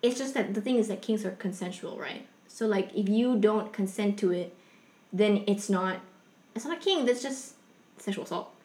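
A woman's voice: mid-range voice, expressive, normal speed. Young woman rambling in an echoey room. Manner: rambling, filler-heavy, with a soft confessional tone. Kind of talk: casual personal storytelling.

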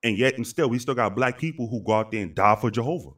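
A man's voice: mid-range voice, fast talker, a bit bright. Emphatic male podcast host, distant mic. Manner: emphatic, repeats himself to drive points home. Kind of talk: casual podcast chat. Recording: voice far from the mic.

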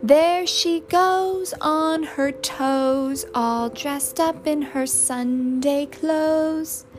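Woman reader putting on a high, loud, sing-song teenage brat who taunts and chants; storybook reading with loud music behind. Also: animated, a little slow. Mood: teasing, singsong. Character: teasing mischievous teenage boy, loud and singsong.

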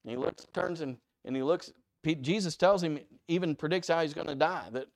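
Gravelly-voiced preacher man. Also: a little high, a little fast. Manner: animated, rhetorical questions to the audience. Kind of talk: conversational sermon.

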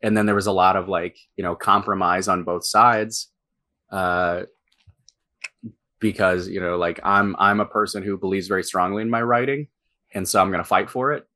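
A man's voice: sits low, fairly even intonation, moderate pace, sharp tone. A man who writes for games, talking casually in an interview, rambling with many fillers and restarts. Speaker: game writer.

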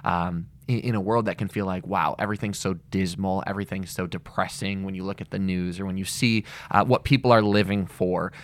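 A man's voice: sits low, steady tone, brisk, few pauses, no room sound. A man co-hosting a church podcast, talking earnestly and animatedly about faith, with many filler "like"s. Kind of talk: casual faith conversation. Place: small room at the church.

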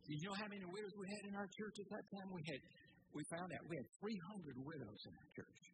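A man with a high-pitched voice preaches a sermon as a pastor. He talks earnestly, repeats key phrases and asks the congregation rhetorical questions, with clear noise behind him.

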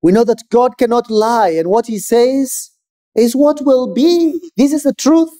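A man preaching a sermon in a measured, emphatic way with pauses. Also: very high voice, dark tone.

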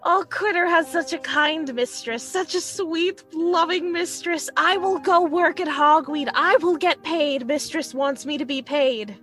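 A tiny, devoted house gnome servant, as a woman puts him on, squeaking high and drawing out every adoring word. He fawns over the master he serves in a slow, pleading tone. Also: a bit bright, faint music behind. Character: devoted little male house gnome servant, eager and worshipful.

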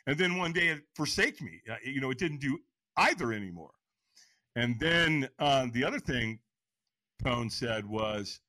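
Animated older man telling a story. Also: medium pitch, dry recording. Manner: energetic, laughing, acts out quotes. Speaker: podcast guest, firewalk instructor.

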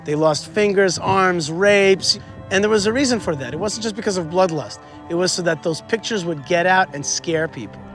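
A man with a notably high voice leads a tour through a historic site outdoors, telling history with animated energy. He tosses quiz questions to his listeners as he goes, while faint music plays underneath. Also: normal speed. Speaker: tour guide. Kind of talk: history lesson told on a tour.

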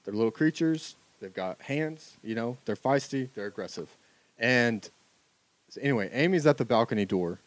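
A man telling a funny story in a casual chat, animated and laughing often. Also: mid-range voice, moderate pace, dry recording.

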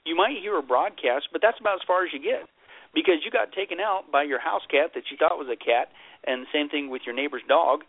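Interviewed as a guest, a pastor with a slightly high, breathy voice speaks a little fast. He tells animated stories with emphasis and jokes, repeating his punchlines. The sound is phone quality, with no echo.

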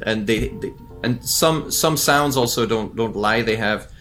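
A man's voice: mid-range voice, unhurried, fairly bright tone, soft background music. A middle-aged man as an interview guest, talking thoughtfully with frequent restarts. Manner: thoughtful, restarts often, imitates accents with laughter. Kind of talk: casual interview talk.

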